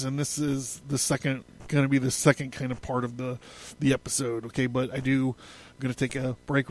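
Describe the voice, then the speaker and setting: A man hosting a solo podcast, rambling and profane, laughing often and stammering through his notes. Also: on the high side. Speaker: podcast host. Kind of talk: casual solo podcast commentary.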